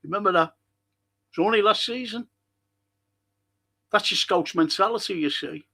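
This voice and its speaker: A man's voice: high-pitched, moderate pace, sharp tone. An older man hosting a live podcast, reading viewer comments and talking in a rambling, passionate way, swearing freely. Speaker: podcast host.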